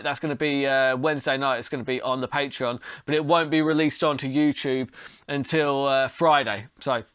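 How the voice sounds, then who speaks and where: A man hosting his own podcast, his voice pitched a little high and sharp with a forceful edge. He talks in a loose, rambling way and swears freely when he gets heated. The sound is close and dry. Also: smooth, no echo. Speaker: podcast host. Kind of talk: solo podcast monologue.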